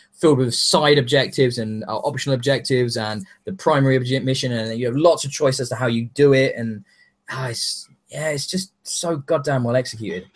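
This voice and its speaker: A man in casual chat, reviewing a game with enthusiasm and frequent swearing. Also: medium pitch. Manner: enthusiastic, swears freely, animated.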